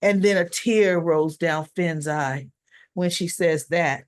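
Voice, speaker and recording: A woman's voice: lowish voice, takes it slowly. A woman giving a casual, chatty recap of a soap opera episode. She retells each scene in her own words, slips into quoted dialogue and adds her own asides.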